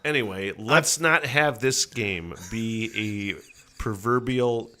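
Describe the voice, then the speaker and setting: A man's voice: fairly low pitch, takes it slowly, sharp tone. A man who is a guest on a podcast, chatting casually, swearing freely and laughing. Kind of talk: casual chat.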